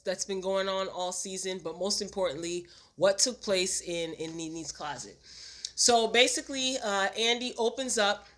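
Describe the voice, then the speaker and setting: A woman's voice: medium pitch, pushed and bright. A woman casually reviewing a reality TV reunion episode, opinionated and exasperated, talking with lots of fillers and restarts. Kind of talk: casual commentary vlog.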